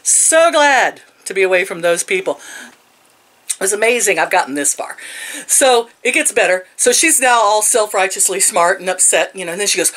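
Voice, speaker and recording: A woman's voice: medium pitch, animated, normal speed, fairly bright tone. A woman in her sixties telling a story in a casual rant, sarcastic and laughing often. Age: 60s. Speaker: vlogger.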